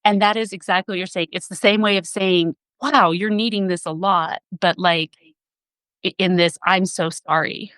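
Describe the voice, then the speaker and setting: A woman's voice: mid-range voice, fairly even intonation, moderate pace, fairly bright tone, clear, resonant tone, no room sound, poor audio. A woman physician assistant, a podcast guest, telling a personal story in an earnest, emotional way.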